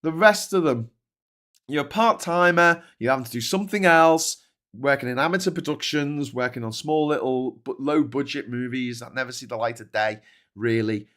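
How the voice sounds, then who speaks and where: A man's voice: medium pitch, normal speed, fairly bright tone. A man hosting a casual chat, ranting and swearing freely as he answers viewers. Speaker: host.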